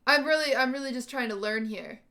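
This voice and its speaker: Woman streamer, casual chat to viewers, slightly high and bright voice, thinking out loud. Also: brisk. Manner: thinking aloud, questioning, unsure. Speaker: livestream host.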